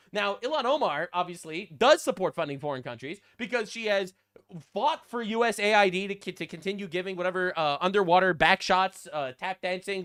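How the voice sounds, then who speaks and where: A sarcastic man riffing through casual reaction commentary, his voice sitting noticeably high for a man. He talks bluntly and crudely, tossing in slang as he goes. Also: a bit bright, clean tone. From United States. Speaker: political commentary host.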